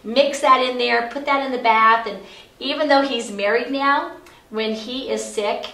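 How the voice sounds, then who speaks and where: Her voice sits on the higher side, sharp in tone, with a measured pace and mostly flat intonation. She's a middle-aged woman casually explaining essential oils, full of fillers, captured in an echoey office far from the mic.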